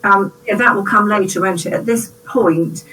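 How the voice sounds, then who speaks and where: A woman's voice: medium pitch, moderate pace, a bit bright, recorded from a distance, rough recording. A woman talking through a poem in a thoughtful, reflective way, often ending with tag questions. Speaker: teacher. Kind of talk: poetry analysis discussion.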